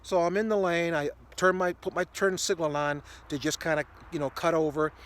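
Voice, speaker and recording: A man's voice: on the high side, level tone, fairly quick, fairly bright tone. A man in his sixties telling a rambling everyday story to camera, with many fillers and restarts. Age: 60s. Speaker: ministry video host.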